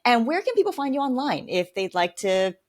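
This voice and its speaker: A woman's voice: a little high, big pitch swings, fairly quick. A woman hosting a podcast interview, encouraging as she asks her guest questions. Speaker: podcast host. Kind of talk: conversational interview.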